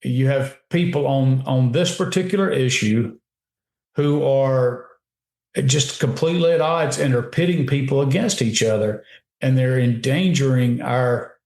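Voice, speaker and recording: A man's voice: mid-range voice, unhurried, darkish tone. A man giving emphatic, opinionated commentary on a radio talk show, often restarting his sentences. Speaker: guest commentator. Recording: roomy echo.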